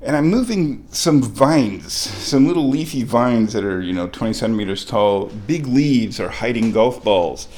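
A man of medium pitch tells a casual story from his kitchen. He laughs often and gets worked up, and his voice leaps high when something thrills him. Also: lively intonation, measured pace, few pauses, darkish tone. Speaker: vlogger telling a golf ball hunting story. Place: kitchen at home.

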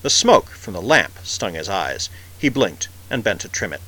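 A man narrating a science-fiction story in a measured, expressive reading. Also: low voice, breathy edge, low-quality recording. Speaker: audiobook narrator.

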